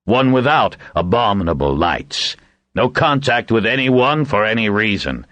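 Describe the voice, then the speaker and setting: A man voicing a blustering gruff lord barking orders. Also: fairly low pitch, big pitch swings, unhurried, a bit bright, no room sound, voice pushed up. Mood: commanding. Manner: barks orders, blustering and indignant. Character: gruff, commanding middle-aged male lord holder.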